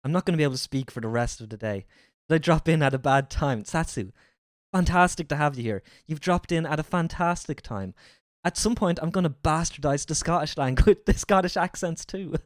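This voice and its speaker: A man's voice: a little high, brisk, no room sound. Guy streaming, swears constantly, crude jokes, voice a bit strained, super dry close mic. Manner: crude, joking, swears a lot. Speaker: livestreamer. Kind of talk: reacting to a video on stream.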